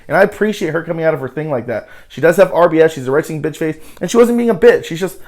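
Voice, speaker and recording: A man's voice: fairly high pitch, lively intonation, quick pace, darkish tone. A man hosting a casual reality-TV recap show, talking loosely with plenty of swearing and filler words. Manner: loose, profane, heavy on "you know" fillers.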